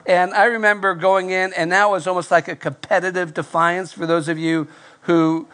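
Man, pastor, sermon storytelling, nasal voice, monotone delivery, self-deprecating, a bit high-pitched. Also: moderate pace. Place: church before live congregation.

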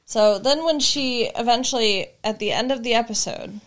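Recapping a TV episode, this woman co-hosts a podcast in a casual, wry, conversational way packed with fillers. Her voice is fairly high-pitched and she talks at a normal speed.

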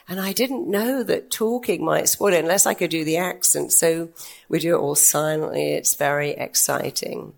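Low gravelly woman speaker. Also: moderate pace. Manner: lively storytelling with quoted clients. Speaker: therapist and speaker. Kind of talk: talk to an audience.

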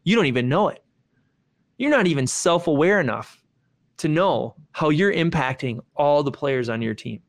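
Man playing a demanding college hockey coach, stern and matter-of-fact, fairly high voice. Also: animated, moderate pace.

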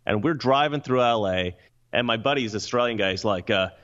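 A man's voice: mid-range voice, fast, fairly bright tone, dull audio. A man co-hosting a movie chat show, talking casually with frequent laughs and stumbling restarts. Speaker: co-host, film commentator.

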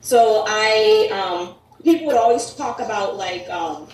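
A woman's voice: medium pitch, measured pace, few pauses, darkish tone, slight background noise. Woman, Connecticut accent, talkative guest, filler-heavy, room echo, faint ambience. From Connecticut, USA. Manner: talkative, uses "like" and "um" a lot. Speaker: podcast guest. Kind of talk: casual interview chat. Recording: echoey room, mic at a distance.

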